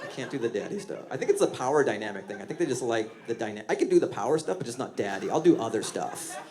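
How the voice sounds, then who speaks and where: A man in his forties doing a conversational stand-up set into a handheld mic, often breaking into squeaky voices for his acted bits. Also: lively intonation, quick pace. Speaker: stand-up comedian. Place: comedy venue stage before a laughing audience. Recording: live show with crowd laughter and noise.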